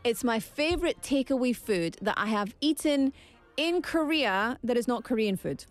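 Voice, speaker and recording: A playful young woman from Scotland hosts a casual vlog segment with theatrical flair. Her voice sits a little high. Faint music plays behind her. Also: lively intonation, normal speed. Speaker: vlogger.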